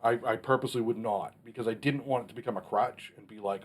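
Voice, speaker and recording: A man's voice: on the low side, steady tone, quick pace, hardly any pauses. Blunt plainspoken man in his forties. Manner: blunt, plainspoken, mildly profane. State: has the hiccups. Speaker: channel host answering a Q&A. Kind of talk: casual solo Q&A vlog.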